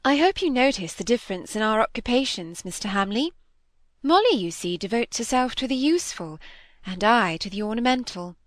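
A woman's voice: a little high, lively intonation, fairly quick, no echo, natural voice. Woman reading as arch teasing young woman. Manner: arch, playful, lightly scornful.

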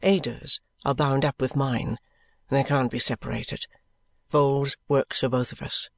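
A man's voice: mid-range voice, fairly even intonation, measured pace, gravelly. A man voicing an earnest, troubled young man in an audiobook, pleading and sincere. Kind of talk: audiobook character reading.

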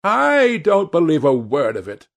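A teasing, gossipy old society hostess, put on by a man reading a novel aloud. Her voice sits far higher than his own and swings widely with exclamations. A gravelly grain runs under it. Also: wildly swooping pitch, unhurried, full character voice.

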